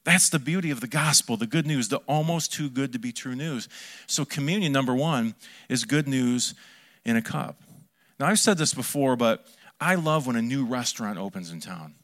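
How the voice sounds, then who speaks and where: A male pastor delivers a sermon in a lively, conversational way, cracking jokes and throwing questions out to his congregation. His voice sits at an ordinary middle pitch. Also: normal speed. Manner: lively, joking preaching with asides to the congregation.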